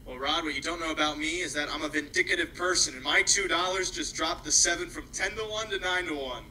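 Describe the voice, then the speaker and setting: Bright, jokey man hosting a racing stream. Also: fairly high pitch, a little fast, slight background noise, low-quality recording. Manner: jokey, rambling, laughs at himself. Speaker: host and race caller. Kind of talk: casual chat and harness race calling.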